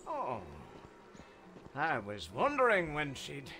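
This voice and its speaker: A man's voice: fairly high pitch, huge pitch swings, takes it slowly, pushed and bright, slight background noise, full character voice. An actor playing a curt, busy male merchant in a fantasy role-playing game. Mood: irritable. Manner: curt, impatient. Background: game music.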